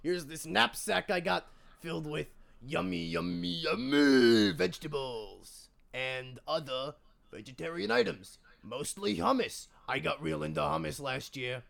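A man's voice: on the high side, expressive, unhurried, vocal fry, a bit bright, heavily acted. A man voicing a proud, sentimental father bear who tells corny dad jokes and gives earnest pep talks. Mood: jokey.

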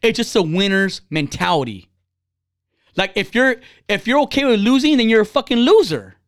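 A man's voice: normal speed, no echo, studio quality. A man in his thirties in casual chat, telling stories bluntly with lots of profanity and acting out the people he quotes. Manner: blunt, profane, animated storytelling; acts out quoted people with big pitch jumps.

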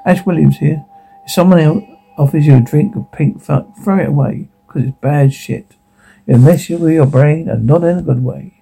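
A gravelly, dark-voiced demon hunter from a TV horror-comedy, brash and profane. He fires off crude wisecracks and sounds a little higher than most men. Faint music sits under his lines. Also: normal speed, poor audio.

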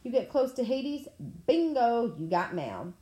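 A woman's voice: on the high side, sing-song, measured pace, mellow, voice pushed up. A woman reading aloud, voicing a brash, mocking male war god in a roomy-sounding recording. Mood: taunting. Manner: swaggering, taunting. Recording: roomy echo.

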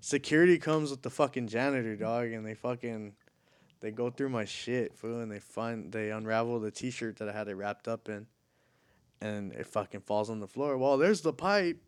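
A man's voice: lowish voice, fairly even intonation, moderate pace, clear, resonant tone. A man telling a story in casual chat, slangy and profane.

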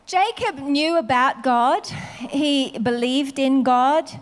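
A woman preaches a sermon in a chatty, unscripted way. Her voice is high, and she often pauses with fillers before going on. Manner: conversational, with many fillers.

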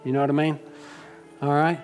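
A man's voice: fairly high pitch, flat delivery, brisk, darkish tone, soft background music. A middle-aged man preaching a sermon to his church, folksy and rambling, teasing the congregation and getting emotional. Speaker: pastor. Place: church sanctuary.

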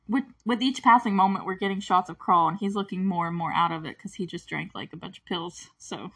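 A woman with a fairly bright, mid-range voice giggles and chats her way through a movie plot summary, packing in "like" after "like." As a movie reviewer, she keeps it casual, and her voice comes across slightly far from the microphone.

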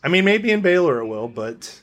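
A young man co-hosting a podcast, his voice sitting a little high. He rants with a sarcastic edge in loose, casual chat. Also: big pitch swings, brisk, a bit bright. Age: young adult. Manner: sarcastic, ranting. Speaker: podcast co-host.

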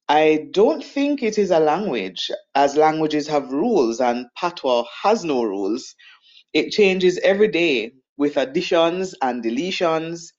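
Jamaican guy, english teacher, kinda high voice, emphatic, dull lo-fi recording. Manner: earnest, emphatic patois then careful standard English. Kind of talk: recorded answers to podcast questions.

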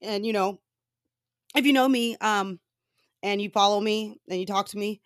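A woman telling a story in casual commentary style, animated and often laughing, with profane asides. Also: mid-range voice, moderate pace, no room sound, clean studio sound.

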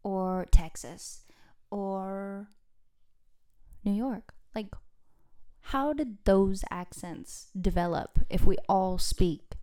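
Young woman co-host, mid-pitched, playful and dramatic chat. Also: very slow, long pauses, warm tone, clean tone. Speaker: podcast co-host. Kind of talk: casual chat.

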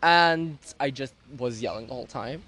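A man's voice: medium pitch, normal speed. A man telling a dramatic personal story in casual chat, campy and profane, acting out quotes. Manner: animated, dramatic storytelling with laughs and acted quotes.

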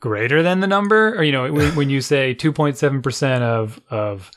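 A man chatting casually with an animated, storytelling delivery. His pitch sits in a middle range, and he jumps into exasperated outbursts when he quotes himself. He sounds like a regular talker in a relaxed conversation. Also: moderate pace. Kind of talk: casual chat.

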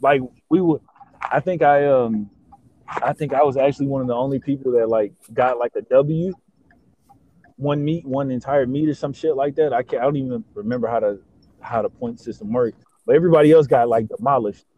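A young man in casual chat, excitable and slangy, swearing and stacking fillers as he talks. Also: medium pitch, a little fast, no echo. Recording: dull lo-fi sound.

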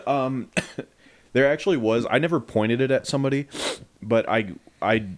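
A man's voice: mid-range voice, measured pace. A man co-hosting a podcast in casual chat, cracking dry teasing jokes and laughing often. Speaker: podcast co-host.

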